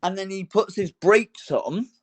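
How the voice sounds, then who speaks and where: A man's voice: sits high, unhurried. A young man, co-hosting a casual chat and telling a long rambling story full of fillers and restarts. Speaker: podcast co-host.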